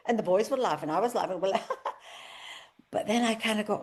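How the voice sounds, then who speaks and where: A woman's voice: mid-range voice, fairly quick, pauses often. A woman in her seventies, a guest singer telling stories in a candid podcast interview and acting out the people she quotes. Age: 70s. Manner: lively storyteller, acts out quoted voices.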